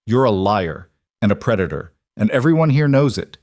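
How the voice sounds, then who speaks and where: Man doing a fired up cowboy, accusing, lowish voice, dry. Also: very animated, moderate pace, a little mellow, no room sound. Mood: furious. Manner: heated, accusing. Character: protective widowed cowboy, angry and defiant.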